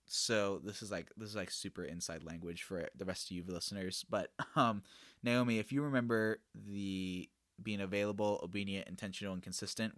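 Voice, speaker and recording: A young man with a lowish, fairly bright voice hosts a casual Q&A podcast, recorded clean in a studio with no echo. A youth discipler, he talks earnestly about mentoring students, rambling and correcting himself often.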